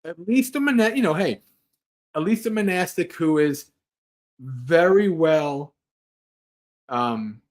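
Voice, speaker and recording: High-voiced monk talking casually. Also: male voice, expressive, slow pace, pauses often. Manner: rambling and earnest, with frequent restarts and light laughs. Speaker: Buddhist monk hosting a livestream. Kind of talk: casual Dharma talk and Q&A.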